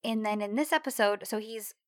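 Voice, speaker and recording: A woman's voice: mid-range voice, a little fast, no echo, studio quality. A woman co-hosting a casual podcast, recapping a TV series and sharing her reflective, hedging take while agreeing readily with her co-host. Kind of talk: casual chat.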